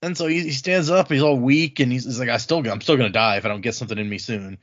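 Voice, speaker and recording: A man hosting a book podcast, casually recapping the chapters and acting out characters' lines in quick asides. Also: mid-range voice, fairly bright tone, dull audio. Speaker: podcast host. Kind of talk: casual book-club chat.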